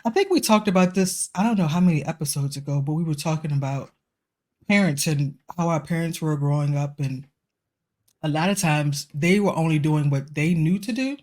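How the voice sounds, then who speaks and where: A woman's voice: deep voice, fairly quick, a little mellow. A woman in her forties co-hosting a podcast, telling personal stories in a chatty way and acting out the voices of people she quotes. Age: 40s. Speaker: podcast co-host. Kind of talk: casual chat.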